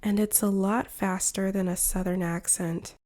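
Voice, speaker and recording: A woman from the United States, an English teacher reading a shadowing lesson in slow, carefully separated phrases. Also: medium pitch, fairly even intonation, warm tone. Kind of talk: slow shadowing practice narration.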